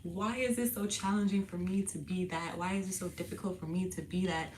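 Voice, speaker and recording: A woman's voice: lowish voice, steady tone, brisk, noisy background. Chatty woman reading tarot, laughing often. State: parched, slightly husky. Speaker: tarot reader and channel host. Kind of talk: casual tarot reading video. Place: indoors, sitting on the floor.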